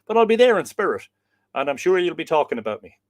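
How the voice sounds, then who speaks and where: Lively Irish man chatting on a livestream. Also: a little high, fast talker, no echo, studio quality. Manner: chatty, reads out comments and answers them warmly. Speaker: livestream host. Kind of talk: casual livestream chat reading viewer comments.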